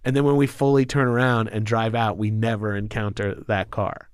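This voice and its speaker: A man's voice: fairly low pitch, level tone, a little fast, smooth, dry recording, clean studio sound. Rambling, swearing man from Long Island. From Long Island, New York. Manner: loose, rambling, swears and laughs often. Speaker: podcast guest. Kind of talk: casual storytelling chat.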